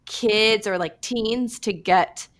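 A woman in her thirties hosting a podcast, chatty and animated with lots of "like" and quick asides. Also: medium pitch. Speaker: podcast host. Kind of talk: casual podcast conversation.

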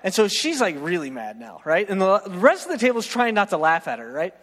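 A man preaching a storytelling sermon, animated and self-mocking, often checking in with "right?". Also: high-pitched, a little fast. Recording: long reverb of a large hall.

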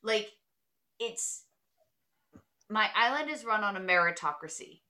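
A woman's voice: mid-range voice, lively intonation, measured pace, sharp tone. A young American woman chatting casually, blunt and emphatic, often adding "all right?". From United States. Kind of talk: casual chat.

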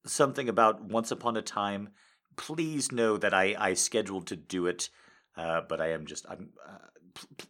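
A man reading a romance story aloud in a soft, intimate way, hesitant and full of fillers when he speaks off script. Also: on the low side. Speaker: reader of fiction.

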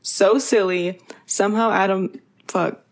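A woman's voice: mid-range voice, steady tone, a little slow. A young woman co-hosting a casual podcast chat, giggling, swearing now and then. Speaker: podcast co-host.

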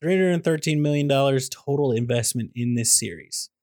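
A man's voice: mid-range voice, fairly quick, a little mellow, dry recording, studio quality. A man co-hosting a casual comedic movie chat, teasing his co-host with mock exasperation. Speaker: podcast co-host.

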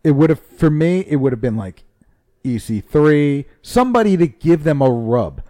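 A man in casual chat, animated and swearing as he retells quotes. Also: a little high, normal speed, no echo. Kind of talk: casual chat about pro wrestling.

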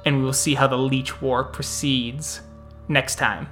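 A man's voice: mid-range voice, little pitch movement, unhurried, a bit bright, faint music behind. A man serving as storyteller, narrating a tabletop role-playing game in a flowing, descriptive way.

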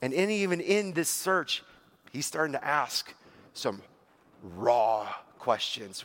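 A man's voice: very animated, takes it slowly. A man preaching in a conversational, earnest way, leaning on "like" as a filler and paraphrasing a psalm aloud. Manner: conversational, earnest, heavy use of "like"; voice drops low and soft toward the end. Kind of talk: sermon.

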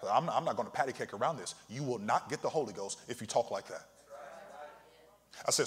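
A man's voice: medium pitch, brisk, long pauses. A man preaching a fervent sermon as pastor, calling out to the congregation again and again. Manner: fervent preaching with repeated call-outs. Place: church sanctuary. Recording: echoey hall reverb.

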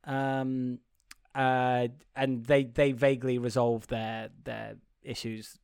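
A man's voice: mid-range voice, little pitch movement, slow, gravelly, darkish tone, clear, resonant tone. A man co-hosting a casual film chat, rambling and opinionated with frequent restarts. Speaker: podcast co-host.

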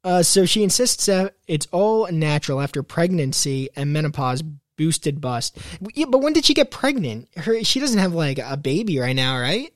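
A man's voice: a little high, very animated, moderate pace, no echo, clean studio sound. A young man hosting a casual solo podcast, rambling with many fillers and restarts. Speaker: podcast host.

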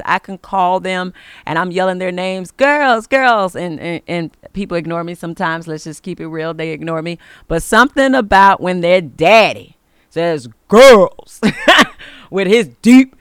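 Woman podcast host, smooth and resonant, preacher-style encouragement, dry close mic. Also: on the low side, normal speed, dry recording. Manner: emphatic, preacher-like, giving blessings. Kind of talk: inspirational faith podcast monologue.

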